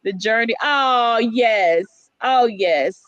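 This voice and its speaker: A woman co-hosting a casual livestream chat, animated and reading out viewer comments. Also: on the high side, drawn-out words, no echo, highs cut off. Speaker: livestream co-host.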